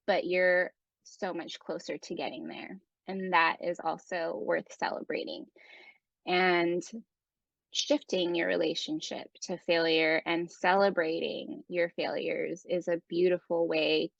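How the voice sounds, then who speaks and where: A woman's voice: lowish voice, vocal fry, dry recording, dull audio. A woman coach talking in an upbeat, encouraging way during an online workshop, with fillers. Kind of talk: casual workshop talk.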